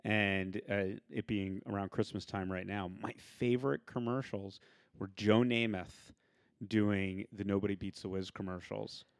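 A podcast guest from New York with a low, gravelly male voice. He chats in an easygoing way, drifting into fond memories. The sound is dry and close. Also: steady tone, measured pace, no echo. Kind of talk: casual chat.

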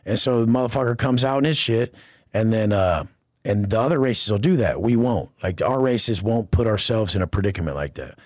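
A man's voice: lowish voice, fairly quick, darkish tone, dry recording, clean studio sound. A man as a podcast guest, telling stories in casual, profane street slang and acting out the people he quotes. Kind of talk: casual storytelling interview.

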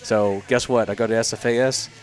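Soft music plays beneath a man with a mid-range voice who talks a little fast. In his thirties and once an Army Ranger and Green Beret, he's a podcast guest telling casual stories, acting out the voices of those he quotes and swearing freely.

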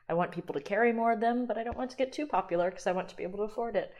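A young adult woman hosting a solo podcast, chatting casually and rambling as she thinks out loud, with the odd swear word. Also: mid-range voice, rapid-fire, hardly any pauses. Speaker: podcast host.

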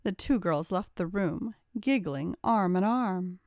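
A woman narrating a story with steady, even-toned reading. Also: on the low side, slow pace, no room sound, studio quality.

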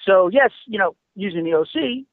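A man's voice: high voice, expressive, normal speed, no echo. Screenwriter guest, male, loose and sweary, thin phone-like sound. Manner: profane, rambling storyteller with many fillers. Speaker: screenwriter and writing teacher. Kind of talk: casual podcast conversation.

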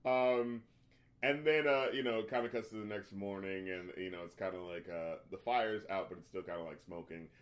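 A man's voice: sits low, normal speed. A man in a casual chat, retelling a movie scene by scene with lots of fillers and acted-out lines. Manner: animated retelling, acts out characters' lines, frequent fillers and swearing.

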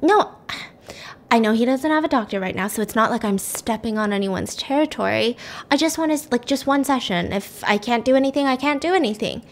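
Woman's take on a young earnest doctor, hesitant, lively pitch. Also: fairly quick. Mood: pleading. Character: eager young male doctor, new on the job.

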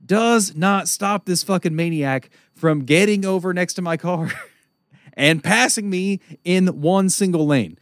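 Brief: male podcast co-host, slightly high voice, dry close mic, swears a lot, laughs through his stories. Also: a little slow, no echo. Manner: profane, animated, laughs often. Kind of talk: casual storytelling chat.

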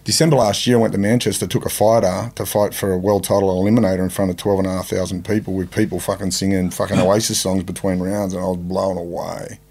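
A man's voice: deep voice, flat delivery, fast talker, gravelly, few pauses, darkish tone, breathy edge. A man hosting a podcast interview in casual chat, stumbling and restarting often and swearing casually. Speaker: podcast host.

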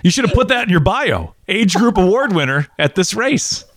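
A man's voice: high voice, sing-song, moderate pace, a bit bright, dry recording, clean studio sound. A man in his forties hosting a podcast interview, chatting casually and telling playful, joking stories. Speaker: podcast host.

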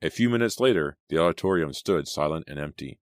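Very deep-voiced man narrating horror. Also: animated, quick pace, no echo, clean studio sound. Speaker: audiobook narrator.

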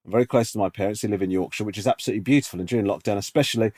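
A man's voice: fairly low pitch, racing, darkish tone, no echo. Dry, teasing man on a podcast. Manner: dry, teasing, reads listener emails aloud. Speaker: podcast co-host. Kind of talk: casual advice podcast chat. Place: remote call.

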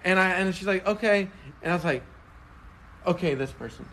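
A man's voice: high voice, a little fast, a loud crowd. A young man on a casual podcast, telling a long story in a loose, rambling way, full of "like" and laughs.

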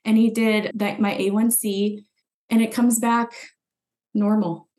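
A woman's voice: on the high side, level tone, a little slow, darkish tone. A woman guest on a podcast, earnestly telling her own story in conversation and acting out what she thought back then. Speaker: podcast guest, former client. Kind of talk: personal story told in conversation.

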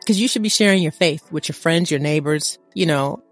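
A woman, co-hosting a casual faith talk and preaching in an animated, conversational way. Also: sits low, fairly quick, dry recording, soft background music. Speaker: podcast co-host.

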